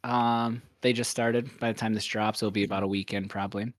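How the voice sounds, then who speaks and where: A man's voice: on the low side, flat delivery, brisk, no echo, clean studio sound. A young man hosting a podcast in casual chat, rambling and upbeat, often correcting himself. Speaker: podcast host.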